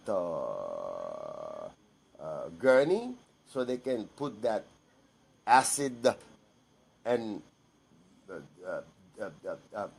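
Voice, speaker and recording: A man's voice: medium pitch, gravelly, slightly rough. A man giving a blunt, emphatic personal monologue to camera, repeating himself for stress.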